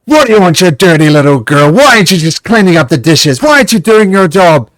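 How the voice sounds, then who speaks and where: A man's voice: high-pitched, very animated, fast, no echo, voice pushed up. A man voicing a bullying male boss who barks orders at a servant. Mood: furious. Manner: loud, barking orders.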